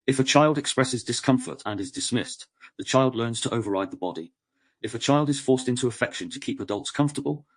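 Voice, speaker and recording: A man narrating a nonfiction audiobook in a calm, measured, even voice. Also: medium pitch, dry recording.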